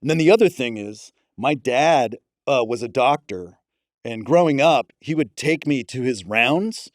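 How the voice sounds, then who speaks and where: A man's voice: mid-range voice, lively intonation, measured pace, no echo, studio quality. A man from Pittsburgh, a podcast guest, telling rambling comic stories in casual chat. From Pittsburgh, USA. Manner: rambling anecdotal storytelling.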